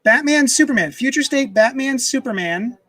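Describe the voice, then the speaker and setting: A man's voice: very high voice, expressive, normal speed, a bit bright, rough recording. A man casually chatting on a live stream from his home desk, rambling and reading viewer comments aloud into a desk microphone. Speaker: comics unboxing streamer.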